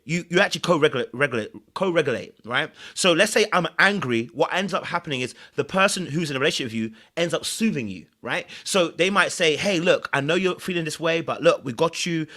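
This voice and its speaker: A young man, hosting a casual podcast and commenting in an animated, playful way, laughing at himself and repeating words. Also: fairly high pitch. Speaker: podcast host.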